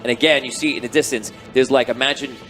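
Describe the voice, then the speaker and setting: A man running a tabletop game, describing the scene in a rambling, excited way with many restarts. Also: medium pitch, fast talker, faint music behind. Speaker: game master.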